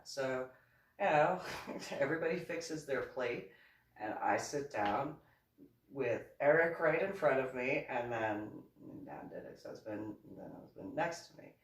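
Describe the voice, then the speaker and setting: Slow, wry middle-aged woman telling a story. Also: extremely low pitch. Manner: chuckles often, wry and sarcastic, restarts sentences. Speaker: author and reverend. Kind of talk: rambling personal storytelling. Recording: roomy, voice from a distance.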